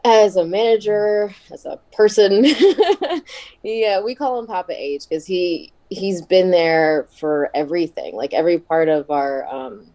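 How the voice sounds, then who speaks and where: A woman's voice: lowish voice, unhurried, warm tone. A woman in her thirties, a guest chatting casually in an interview, telling backstage stories and acting out quoted voices. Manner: chatty, laughs often, acts out quoted voices. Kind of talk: casual podcast interview storytelling.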